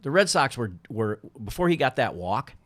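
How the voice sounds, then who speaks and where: A middle-aged man, a podcast guest, telling baseball stories in a casual chat and jumping up in pitch when he quotes people. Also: normal speed, dry recording. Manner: animated storyteller, quotes others in lively bursts. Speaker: podcast guest, former baseball team owner.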